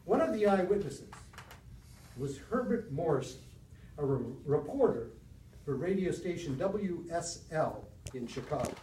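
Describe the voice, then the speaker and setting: A man's voice: a little high, big pitch swings, warm tone, slight background noise. Man giving a speech in an echoey hall. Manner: measured storytelling. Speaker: speaker at a speech club. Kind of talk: prepared speech. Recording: roomy hall from far off.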